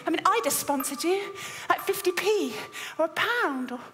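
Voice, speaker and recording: High-voiced, awkward loner begging her online match, rambling; stage reverb, music under. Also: lively intonation, moderate pace, a bit bright. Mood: chatty, awkward. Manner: rambling, eager, talks in fits and starts. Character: lonely, awkward woman pleading with an online date. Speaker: stage performer. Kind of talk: dance theatre monologue. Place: theatre stage. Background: music score.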